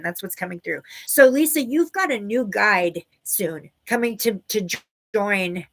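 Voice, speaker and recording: A woman's voice: medium pitch, lively intonation, measured pace, a bit bright. A woman teaching a live online tarot class and giving intuitive readings to viewers, talking loosely and searching for her words, with frequent "right?" asides.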